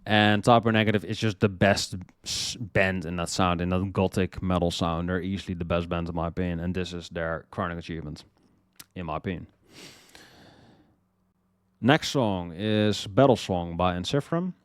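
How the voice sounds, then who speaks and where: A young man casually talking through his favorite songs, rambling, repeating words and swearing as he gets excited. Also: low voice, moderate pace, clear, resonant tone, no echo, studio quality. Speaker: music list host. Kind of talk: casual music commentary.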